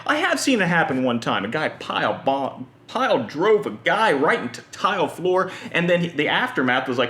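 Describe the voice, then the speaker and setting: A man hosting a web series, telling a comic monologue in an animated, exaggerated way. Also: high-pitched, echoey room. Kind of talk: comedic monologue.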